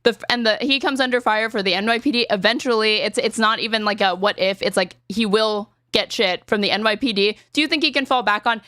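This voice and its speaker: A woman hosting a podcast, arguing politics in quick, filler-heavy speech. Her voice sits at a middle pitch. The recording is dry and close, with no room sound. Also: bright, forceful tone, no room sound. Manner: rapid, argumentative, heavy on filler words and swearing. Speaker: podcast host. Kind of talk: casual political chat.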